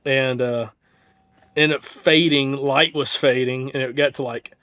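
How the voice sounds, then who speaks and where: A young man with a Southern US accent, co-hosting a casual chat and telling a hunting story in an animated way, full of "like" and restarts. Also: mid-range voice, a little slow. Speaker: podcast co-host.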